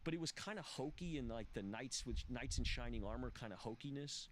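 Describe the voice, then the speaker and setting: A man's voice: mid-range voice, expressive, fairly quick, a little hiss or hum. A man speaking as a podcast guest, telling his recovery story candidly in a profane, emphatic way with frequent restarts. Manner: profane, emphatic, restless phrasing with repeated restarts.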